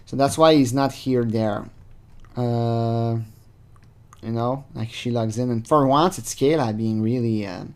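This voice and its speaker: A man's voice: medium pitch, fairly even intonation, a little slow. A man hosting his channel, giving rambling, sarcastic casual commentary full of fillers. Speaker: channel host. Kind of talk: casual commentary reading chat logs.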